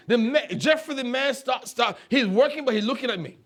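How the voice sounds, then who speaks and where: Emphatic high-voiced pastor from Nevis. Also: male voice, fairly quick, fairly bright tone. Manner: emphatic, repeats phrases, rises to high exhortation. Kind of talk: sermon storytelling.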